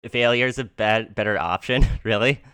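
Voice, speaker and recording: A man's voice: on the low side, moderate pace, fairly bright tone, clean tone. A man streaming a game live, reading its dialogue aloud and joking, laughing and swearing in between. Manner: swears freely, laughs often, jokes while reading dialogue.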